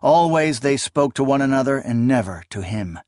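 A man narrating a fantasy novel in a steady, measured storytelling voice. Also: medium pitch, dry recording, clean studio sound. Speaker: audiobook narrator.

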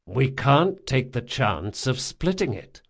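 A man voicing a big, strong, loyal male thief who speaks in a measured, firm way in an audiobook. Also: mid-range voice, sing-song, gravelly, breathy edge, full character voice. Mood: controlled firm. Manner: measured and firm, bursting into roars. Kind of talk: audiobook character voice.

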